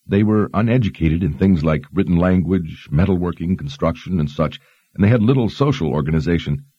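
A man voicing a learned young woman who explains history in a measured, explanatory way. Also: sits low, expressive, dark tone, slightly rough, no room sound, dull audio. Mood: explaining.

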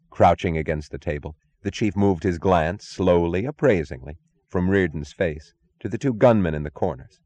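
A man reading a novel aloud as an audiobook narrator, with steady, expressive storytelling. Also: low-pitched, moderate pace, no echo. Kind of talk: scripted narration.

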